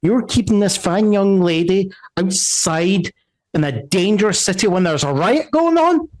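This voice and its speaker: A bossy old Southern lady scolds in a high, put-on voice, as a man does her. She sounds fast and sharp-tongued, with a put-on Southern twang. It is clearly a tabletop game character voice. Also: lively intonation. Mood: scolding. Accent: American Southern (put on). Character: old Southern woman neighbor, stern and scolding.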